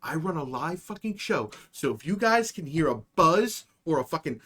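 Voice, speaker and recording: A man hosting a live stream, ranting in a loud, profane, excitable way and spinning absurd made-up stories for his chat, swinging between shouts and low mutters. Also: normal speed. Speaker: host of a live stream show. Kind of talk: casual comedic live-stream rant.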